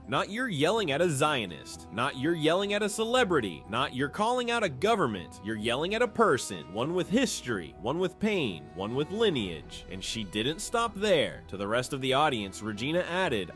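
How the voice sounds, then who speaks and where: A man's voice: a little high, wildly swooping pitch, moderate pace, hardly any pauses, a bit bright, soft background music. A man giving scripted, dramatic narration in short, punchy phrases.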